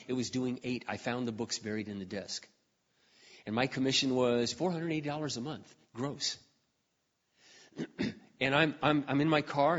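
A middle-aged man preaching in a large hall, his voice trailing off into a long reverb. He tells his story earnestly, clears his throat often, and now and then surges into fervent cries. The recording sounds slightly dull and muffled. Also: medium pitch, fairly bright tone. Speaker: pastor. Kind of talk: sermon.

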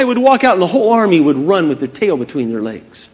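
High, lively male preacher storytelling. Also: fast, low-quality recording. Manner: animated storytelling, speaks straight to listeners. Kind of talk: sermon.

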